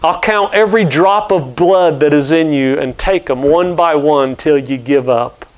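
A man's voice: a little high, takes it slowly. A man voicing a cruel, raging middle-aged slave owner with a scornful, menacing delivery while reading a story aloud in a sermon.

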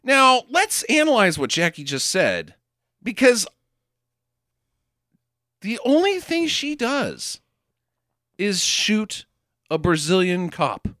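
Excitable high-voiced man recapping a movie. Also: takes it slowly, long pauses, no room sound, studio quality. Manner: excitable, incredulous, swears freely. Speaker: podcast co-host.

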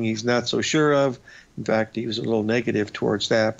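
Man, raspy gravelly voice, market radio host, folksy rambling commentary, lots of fillers, mid pitch. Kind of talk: casual market commentary over charts. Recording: slightly dull lo-fi broadcast audio.

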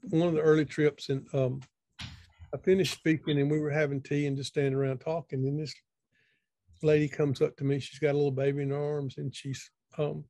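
Over a video call, a middle-aged man tells a story in a folksy, conversational way, often repeating words as he thinks. His voice is a little high and darkish in tone, with no room sound.

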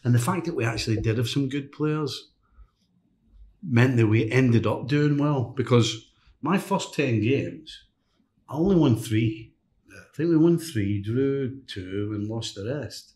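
A man's voice: mid-range voice, measured pace. Man telling stories in a roomy space. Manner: anecdotal, lively, mimics others in quotes. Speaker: podcast guest, former footballer and coach. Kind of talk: casual storytelling chat. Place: hotel room podcast set. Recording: roomy echo.

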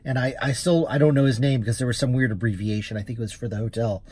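A man's voice: medium pitch, steady tone, fast talker, warm tone, breathy edge. A man, a rideshare driver and vlogger, chatting casually as he recounts a story with quoted dialogue.

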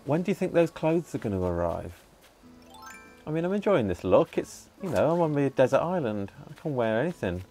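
A man giving casual commentary while playing a video game, chatting to himself and to the characters with excitable bursts. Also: mid-range voice, fairly quick. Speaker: gaming channel host. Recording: faint background music.

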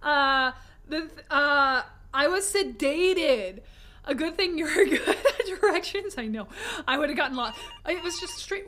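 A woman streaming a game live, excitable and talking to herself and the chat, laughing and swearing often. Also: high voice, unhurried. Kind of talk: live gameplay commentary.

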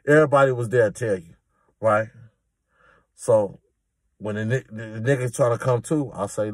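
A man's voice: lowish voice, normal speed, long pauses, no echo. A man telling a prison story in a casual, emphatic, streetwise way.

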